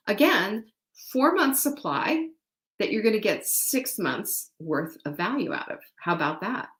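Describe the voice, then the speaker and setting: A woman's voice: mid-range voice, sing-song, measured pace, a bit bright, roomy sound. A woman hosting a live-stream product sale, gushing and chatty as she talks straight to her viewers. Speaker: live sales host.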